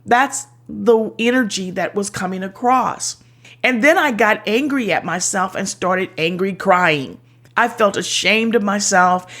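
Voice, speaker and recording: An older woman, an author, speaking in an earnest, candid personal monologue, slow and reflective, with occasional cursing. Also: mid-range voice, a bit bright.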